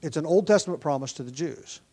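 A man's voice: fairly high pitch, lively intonation, quick pace. A man preaching a sermon as pastor, thinking aloud with frequent fillers and restarts. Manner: prays in a hushed, quieter voice.

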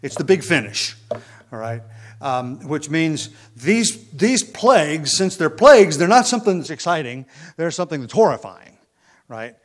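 A man's voice: fairly high pitch, animated, normal speed. Man teaching a Bible passage. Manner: explanatory, with frequent ums and restarts.

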